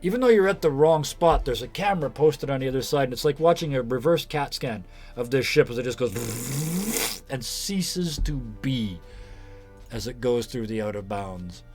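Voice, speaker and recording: A man's voice: mid-range voice, expressive, moderate pace, darkish tone, soft background music. Joking man running a tabletop game. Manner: loose and joking, laughs often. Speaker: game master.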